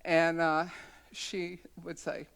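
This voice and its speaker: A woman's voice: lowish voice, a little slow. Woman in her sixties telling a story. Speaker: community educator. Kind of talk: storytelling speech at a symposium. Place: college conference center.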